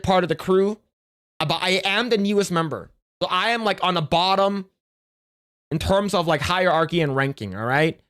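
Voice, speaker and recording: A man's voice: high voice, fairly bright tone, smooth, no echo, studio quality. A man streaming live, reading donations in casual chat, stammering and restarting often, joking offhandedly.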